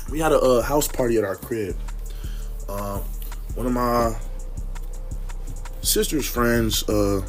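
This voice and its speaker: A young man casually telling a story from his life, animated and full of slang. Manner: animated, slangy, swoops up to high exclamations. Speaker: vlogger.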